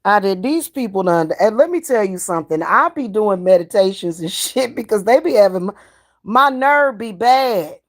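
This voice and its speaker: A woman's voice: medium pitch, expressive, moderate pace. A middle-aged woman, ranting in a casual vlog, blunt, heated and profane. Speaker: spiritual reader and vlogger.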